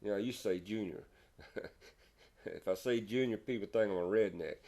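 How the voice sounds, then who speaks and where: A man's voice: on the low side, moderate pace, dark tone. A man from Texas with a Texas accent, telling a joke in his woodworking shop in a folksy, rambling way and chuckling as he goes. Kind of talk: casual storytelling.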